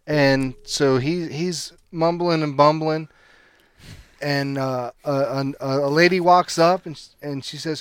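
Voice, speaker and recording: Man telling an animated, laughing story. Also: on the high side, slow, clear, resonant tone, no room sound. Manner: animated, laughing storyteller who acts out quotes. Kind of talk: casual storytelling.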